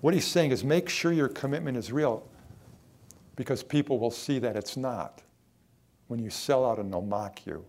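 A man's voice: medium pitch, normal speed, a little mellow. Older male pastor, plain spoken and emphatic, questions his flock directly. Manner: emphatic, rising in volume to stress points; plain conversational preaching with direct questions to listeners. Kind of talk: sermon.

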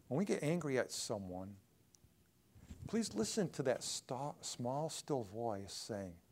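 A male pastor preaching from the pulpit. He jumps into high, loud acted-out pleas, then sinks low and quiet for reflective passages. The delivery is dramatic and full of feeling. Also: very animated, a little slow. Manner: dramatic, acts out quoted pleas in a raised voice. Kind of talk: sermon.

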